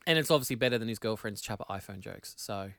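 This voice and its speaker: A man's voice: fairly low pitch, animated, quick pace, fairly bright tone, no echo, studio quality. A man co-hosting a podcast, chatting casually with restarts and frequent laughs. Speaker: podcast co-host. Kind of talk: casual chat.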